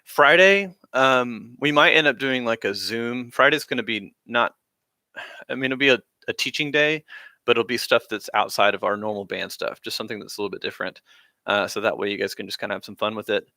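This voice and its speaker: During a live-streamed music lesson, a man works through rhythms for his band class, casual and rambling with frequent fillers. He talks briskly at medium pitch with a bright, forceful tone, in clean studio sound with no room sound.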